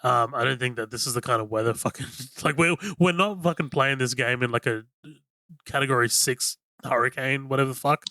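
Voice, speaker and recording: A man chats through a movie on a podcast, bubbling with enthusiasm and padding every thought with "like" and the odd curse. His voice is bright and forward. It is recorded dry on a close microphone. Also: medium pitch, fairly quick, no room sound. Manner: rambling and enthusiastic, heavy on "like" and swearing. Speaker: podcast co-host. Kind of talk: casual film-review chat.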